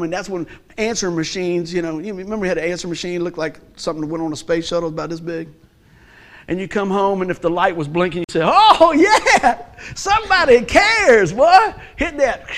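A middle-aged man, a pastor preaching a sermon in a conversational, humorous way with call-and-response. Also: sits high.

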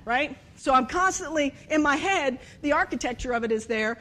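A woman giving a humorous sermon, animated and storytelling, acting out bits of dialogue and laughing often. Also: high-pitched, normal speed, few pauses. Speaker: speaker at a church service.

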